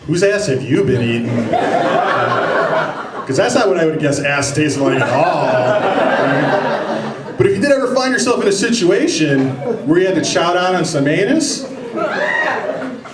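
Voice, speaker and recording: A man performing a stand-up comedy set with a dry, offhand delivery and pauses for punchlines. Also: high-pitched, very animated, heavy background noise. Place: comedy club stage. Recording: echoey club recording from a distance. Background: loud audience laughter.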